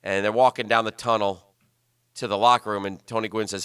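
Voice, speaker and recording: A bright, forward-sounding male voice in close, dry studio sound. He chats loosely about the game, rambling and restarting his sentences. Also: on the low side, fairly even intonation, brisk, clear, resonant tone, dry recording. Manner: rambling, chatty, many restarts. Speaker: sports radio host. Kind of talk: casual sports talk.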